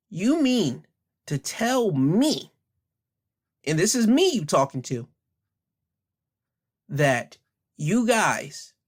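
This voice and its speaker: A man hosting an opinion podcast, heated and blunt, hammering the same rhetorical questions and speaking in casual slang while holding back his anger. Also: on the high side. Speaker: podcast host.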